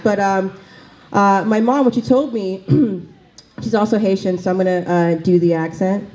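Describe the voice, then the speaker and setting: A woman's voice: medium pitch, steady tone, normal speed, mellow, rough recording. A woman doing a stand-up comedy set in a small cafe, chatty and full of fillers and asides.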